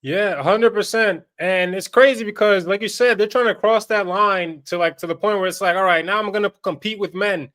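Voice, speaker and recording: A man's voice: sits high, brisk, few pauses, fairly bright tone. A man co-hosting a podcast in casual, blunt and crude talk, often laughing while he speaks. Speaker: podcast co-host.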